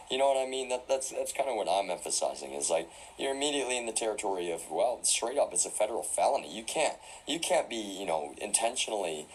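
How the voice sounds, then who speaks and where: A man's voice: on the low side, slight background noise, poor audio. A man talking through a live stream in a rambling way, full of fillers and restarts. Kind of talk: casual live-stream monologue.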